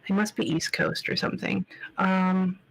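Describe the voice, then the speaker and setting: A woman giving a live psychic reading on a talk show, pausing often to say hold on and filling her talk with like and um. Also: medium pitch, steady tone, vocal fry, rough recording. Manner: halting, keeps pausing to say hold on; loose casual talk full of like and um. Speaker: psychic medium.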